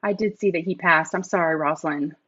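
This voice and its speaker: A woman's voice: on the low side, a little fast, fairly bright tone, slightly rough, lo-fi sound. A woman hosting a livestream in casual chat, greeting viewers by name. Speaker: livestream host.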